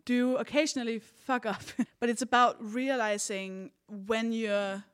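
A woman co-hosting a live comedy podcast on a theatre stage, casual and quick to laugh, swearing freely. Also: on the high side, little pitch movement, smooth. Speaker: podcast co-host. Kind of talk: live comedy podcast chat before an audience.

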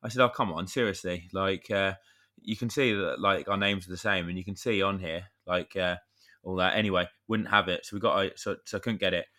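A man in his thirties with a low voice that still sounds bright and forceful. He co-hosts a podcast in casual chat. He tells long, rambling stories with mild swearing. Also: fairly even intonation, a little fast. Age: 30s. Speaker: podcast co-host.

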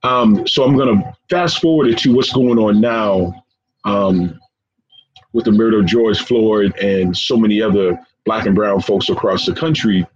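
A man being interviewed as a guest, speaking earnestly and with deep emotion, often repeating phrases and calling his listener "man.". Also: unhurried. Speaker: guest, professor and founder of a forgiveness organization. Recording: dull lo-fi sound with faint background noise.

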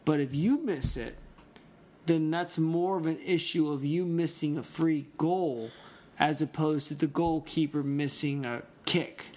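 Man with a slightly high voice, pressing questions. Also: a little slow, darkish tone. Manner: questioning, seeks confirmation with "right?". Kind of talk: casual chat.

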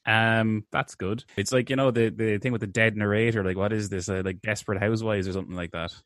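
Male podcast co-host, lowish pitch, dry close sound; animated, laughing, stammering film chat. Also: fast, dry recording. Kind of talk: casual film review chat.

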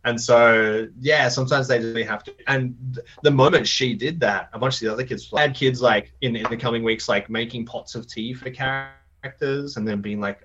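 Brief: male teacher and game runner, lively anecdote teller who slips into quoted voices, muffled lo-fi recording. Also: medium pitch, normal speed. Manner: animated, acts out quoted voices, many fillers. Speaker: teacher running tabletop games for students. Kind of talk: casual storytelling in a podcast chat. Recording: dull lo-fi sound.

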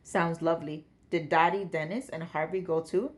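A woman's voice: on the low side, steady tone, lightly acted. A woman voicing a fondly exasperated daughter. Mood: chiding. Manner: brisk, fondly chiding. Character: grown daughter, an academic, fond but exasperated.

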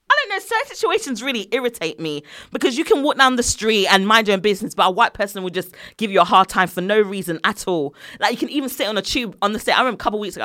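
A woman's voice: medium pitch, bright, forceful tone, no room sound, studio quality. A woman telling a heated personal story on a casual podcast, swearing often. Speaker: podcast co-host.

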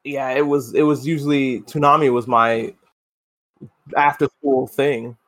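A man co-hosting a podcast in relaxed casual chat, asking questions and giving brief replies. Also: mid-range voice, measured pace. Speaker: podcast co-host.

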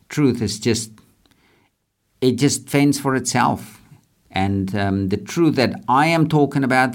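A man hosting a leadership podcast, talking earnestly and a bit repetitively about faith and purpose. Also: lowish voice. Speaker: podcast host. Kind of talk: casual motivational faith talk.

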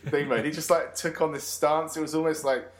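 A man's voice: a little high, fairly even intonation, a little fast. A man co-hosting a cricket podcast, chatting casually, laughing easily and rambling a bit. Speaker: podcast co-host. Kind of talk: casual chat.

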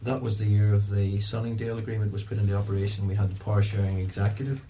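A man interviewing a guest, giving brisk factual context between his answers. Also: fairly low pitch, completely flat delivery, dark tone, slight background noise, poor audio. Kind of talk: interview questioning.

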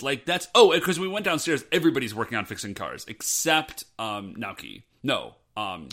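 A man's voice: medium pitch, moderate pace, hardly any pauses. A man co-hosting a casual podcast, recapping an episode and acting out characters' lines. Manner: animated, acts out quoted lines. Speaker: podcast co-host. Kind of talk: casual chat recapping a show.

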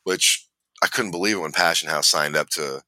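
Very deep-voiced man telling a rambling story. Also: normal speed, pushed and bright, no room sound. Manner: rambling, re-enacts dialogue with fillers. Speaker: guest storyteller. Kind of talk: casual conversational storytelling.

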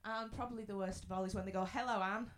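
A woman's voice: mid-range voice, fairly even intonation, racing. A woman chatting and telling anecdotes as a regular player on a live comedy panel show. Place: live stage venue.

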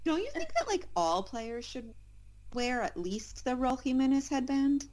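A woman's voice: high-pitched, very animated, unhurried, noisy background. A woman co-hosting a casual football podcast, wry and rambling, with sarcastic asides.

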